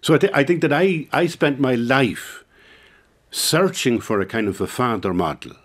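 An Irish man speaking as an interview guest in a studio, thoughtful and halting, often repeating words as he reflects. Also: medium pitch, lively intonation. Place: radio studio.

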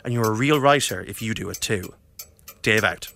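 A man presenting a scripted segment of writing advice, brisk, encouraging and direct. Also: fairly low pitch, creaky, background noise.

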